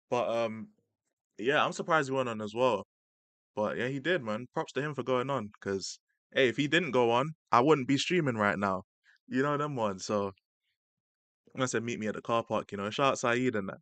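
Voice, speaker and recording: A man giving casual, slangy live-stream commentary, laughing often and breaking into excited asides. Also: mid-range voice, normal speed, dry recording. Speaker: streamer reacting to a debate.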